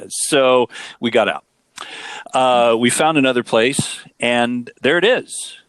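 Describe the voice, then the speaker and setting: A middle-aged man hosting a casual chat, telling a story with animated, dramatic delivery. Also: mid-range voice, slow, smooth, dry recording. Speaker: podcast host.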